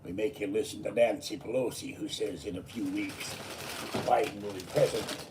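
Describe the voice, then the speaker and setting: Tired man, low mellow voice, rambling vlog chat, distant mic with faint background. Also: fairly even intonation, moderate pace, background noise. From Pittsburgh, USA. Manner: digressive, jumping from topic to topic. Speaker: vlogger. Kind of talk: casual rambling monologue.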